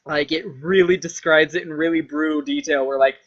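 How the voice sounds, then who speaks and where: A man's voice: fairly high pitch, steady tone, a little fast, a bit bright. Young man rambling casually, sweary. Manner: loose, sweary, full of filler "like". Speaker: vlogger. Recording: dull lo-fi recording.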